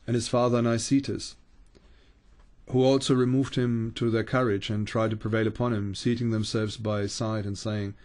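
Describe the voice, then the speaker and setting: A man, a Bible teacher, reads an ancient account aloud at an unhurried pace, with small stumbles and restarts. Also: lowish voice, little pitch movement, a little mellow.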